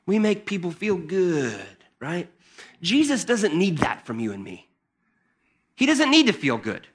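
A pastor preaching a sermon in a conversational, emphatic way. He often restarts his phrases and builds into excited bursts. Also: sits high, unhurried, breathy edge. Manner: conversational and emphatic, with many repeated starts and a rising, excited delivery.

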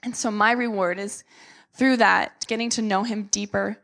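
A woman's voice: medium pitch, steady tone, moderate pace, vocal fry, a bit bright. A young woman, a missionary, giving an earnest and emotional testimony to a church, with many fillers. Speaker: missionary speaker.

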